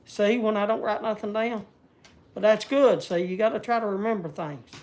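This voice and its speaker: A man's voice: sits high, moderate pace, a little mellow. Brief: man, folksy livestream rambler, loses his words. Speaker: vlogger. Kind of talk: casual livestream chat.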